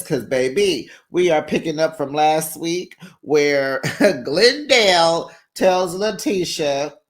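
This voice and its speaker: A man hosting a casual reality TV recap, sassy and playful, laughing often and acting out quotes in exaggerated voices. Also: fairly high pitch.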